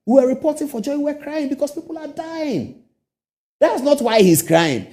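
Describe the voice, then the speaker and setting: A man's voice: sits high, mellow. A middle-aged man with a Ghanaian English accent, a TV host delivering an emphatic, repetitive political commentary monologue.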